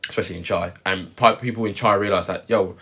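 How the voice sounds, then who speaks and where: A man's voice: deep voice, fast, slightly rough. A man co-hosting a podcast, telling stories in casual chat with lots of slang. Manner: animated storytelling with slang. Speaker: podcast co-host.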